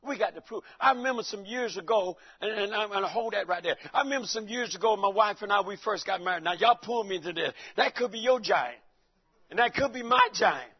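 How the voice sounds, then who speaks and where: A man's voice: high-pitched, brisk, breathy edge. A male preacher giving a folksy, joking sermon in a church and calling out to the congregation. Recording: dull lo-fi recording.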